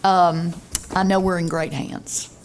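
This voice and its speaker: Slow-spoken appreciative councilwoman. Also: on the low side, little pitch movement. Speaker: city councilwoman. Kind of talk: council meeting remarks. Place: city council chamber.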